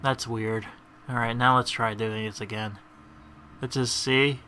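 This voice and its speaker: A man's voice: mid-range voice, steady tone, measured pace, bright, forceful tone, a little hiss or hum. A man giving rambling, casual commentary over a video game, chuckling between tangents. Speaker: gamer.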